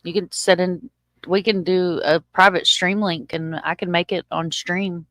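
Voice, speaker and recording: Woman, stream host, slightly low voice, joking and loose, dry close sound. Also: steady tone, a little slow, fairly bright tone, dry recording. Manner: loose, joking, swears casually. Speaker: channel host. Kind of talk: casual livestream chat.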